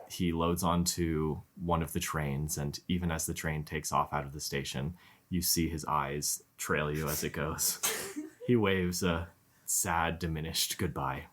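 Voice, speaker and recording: A man narrating as game master of a tabletop fantasy game, in measured storytelling tones. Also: extremely low pitch, a bit bright.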